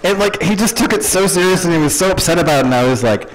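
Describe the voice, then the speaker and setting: A man co-hosting a casual sports podcast, telling stories in an animated way, full of fillers and laughing at his own jokes. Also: high voice, very fast, a crowd in the background, rough recording. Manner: animated storytelling, lots of fillers and giggles. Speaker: podcast co-host. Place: live event space with audience.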